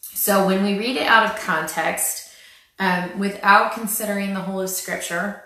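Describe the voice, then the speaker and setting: Woman doing casual bible teaching, wry and sarcastic, lots of ums, mid pitch, super echoey room. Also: fairly even intonation, moderate pace, pushed and bright, slight background noise. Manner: chatty and wry, retelling scripture with dry sarcasm; frequent "um" fillers and light laughs. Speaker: Christian family Bible teacher.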